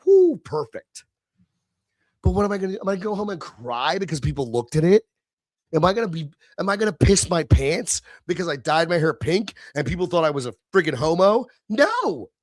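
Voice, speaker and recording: A tipsy man hosting a live stream, ranting and swearing, swinging between low mutters and shouted outbursts. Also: lively intonation, brisk, dry recording, studio quality. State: tipsy from beer. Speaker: livestream host. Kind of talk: profane live-stream rant.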